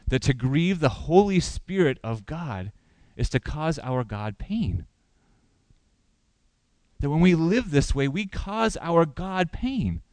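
A male pastor delivers a sermon in a medium-pitched, slightly mellow voice, asking the congregation questions and rising in pitch for emphasis. His tone is questioning and emphatic. The recording is close and dry, though the audio quality is poor.

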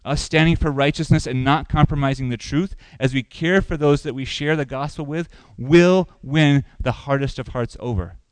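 A man's voice: on the high side, normal speed, few pauses, clean tone, no echo, rough recording. Male pastor, sermon delivery, questioning and emphatic, dry close recording. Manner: asks the congregation questions, rising for emphasis.

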